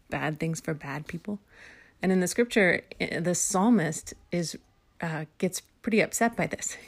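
Soft-spoken woman with a gravelly edge. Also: on the low side. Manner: reflective, soft-spoken, with hesitant fillers and self-corrections; drops to near-whispers at times. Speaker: speaker giving a devotional talk. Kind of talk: devotional reflection.

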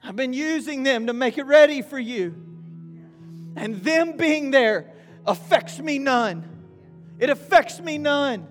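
A man preaching and praying, moving from quiet pleading to shouted, repeated prayer. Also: very high-pitched. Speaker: pastor. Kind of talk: sermon and prayer. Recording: long reverb with faint music.

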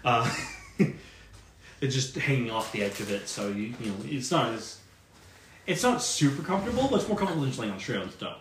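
Game master guy, pitch all over the place, laughy, echoey room w faint hiss. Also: brisk, distant mic. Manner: laughing, animated storytelling. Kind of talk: narrating a tabletop game.

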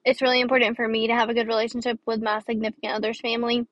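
A woman's voice: on the high side, level tone, very fast, a bit bright, lo-fi sound. A young woman hosting a casual advice podcast, rambling and tired with a dry throat. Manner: chatty, rambling, with fillers and restarts. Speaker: podcast host.

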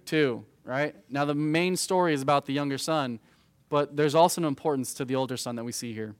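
A man's voice: a little high, fairly quick, smooth, dry recording. A man in his thirties teaching a youth group verse by verse through a Bible passage, conversational and peppered with "right?" asides. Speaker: youth pastor.

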